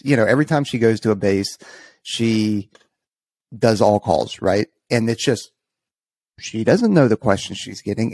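A man's voice: lowish voice, darkish tone, dry recording. Rambling, amused podcast co-host man. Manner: rambling, amused storytelling with many fillers. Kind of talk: casual podcast chat.

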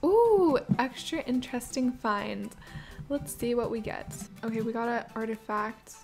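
A woman's voice: a little high, steady tone, moderate pace, vocal fry, over music. A woman hosting a casual gameplay video, rambling cheerfully and amusing herself as she plays, into a desktop microphone. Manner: rambling, bubbly, self-amused. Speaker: gaming channel host. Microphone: desktop USB microphone.

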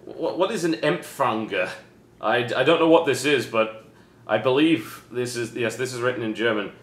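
A British man hosting a casual unboxing chat with dry, deadpan sarcastic humor. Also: medium pitch, normal speed. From Britain. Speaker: host. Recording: roomy echo with faint noise.

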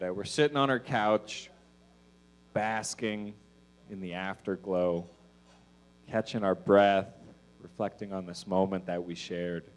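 Male stand-up comic, mid-pitched voice, loose and profane, meandering with fillers, on a club stage. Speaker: stand-up comedian. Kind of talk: stand-up comedy set.

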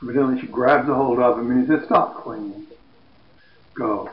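A man's voice: mid-range voice, moderate pace, long pauses, muffled recording. Man retelling a story in an echoey room. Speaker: Bible teacher.

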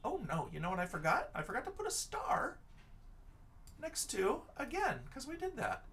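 A man's voice: very high voice, wildly swooping pitch, moderate pace, fairly bright tone, recorded from a distance. A male teacher giving an online lesson for young children, patient and encouraging, sounding out words letter by letter.

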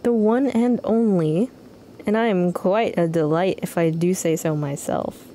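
A woman's voice: on the low side, a little slow, dark tone, slight background noise, natural voice. A woman doing a quirky, showy male doctor. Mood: sing-song. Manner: theatrical, sing-song delivery.

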